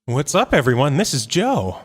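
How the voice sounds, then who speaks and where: Male podcast host, lively swooping delivery, casual and profane, recorded in an echoey apartment room. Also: fairly high pitch, normal speed, breathy edge. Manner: animated, laughing, swearing, playful. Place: studio apartment. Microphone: drum mic.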